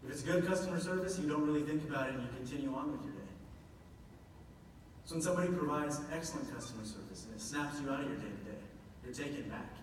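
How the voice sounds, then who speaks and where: A man's voice: on the high side, fast, a little hiss or hum. A man giving an earnest, explanatory public talk about his office's work, with a few self-deprecating asides. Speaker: public speaker from a government office. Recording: echoey hall from far off.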